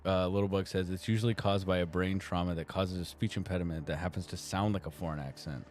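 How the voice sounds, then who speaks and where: A man's voice: sits low, fairly even intonation, fast, a little mellow, slight background noise. A man co-hosting a live art stream, chatting casually, laughing often and reading viewer comments aloud.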